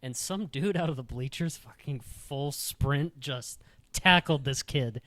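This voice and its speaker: A man's voice: mid-range voice, measured pace, fairly bright tone, no room sound. Young male podcast host; casual, profane storyteller, dry close studio sound. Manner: profane, rambling anecdotes with frequent fillers.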